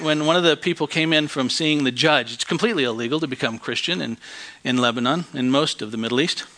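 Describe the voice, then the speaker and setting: A man preaching a sermon, telling a story and swinging from hushed tones to loud outbursts. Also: fairly high pitch.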